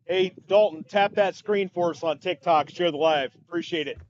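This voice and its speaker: A man's voice: high voice, normal speed, muffled recording. A man co-hosting a casual live sports podcast, chatting and thanking viewers in the stream chat. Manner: chatty, reads out viewer comments. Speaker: podcast co-host.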